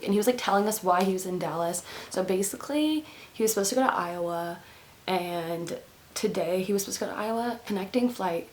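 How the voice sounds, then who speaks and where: A woman's voice: fairly low pitch, slight background noise. A young woman from Texas telling a story to camera in a casual vlog, chatty and full of "like" fillers. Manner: chatty, heavy use of "like" fillers. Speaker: vlogger.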